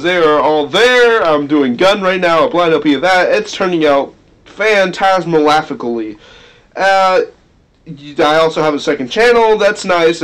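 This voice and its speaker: Animated rambling let's-play guy. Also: fairly high pitch, rough recording. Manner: rambling, animated, self-deprecating. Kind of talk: casual gameplay commentary. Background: faint video game music.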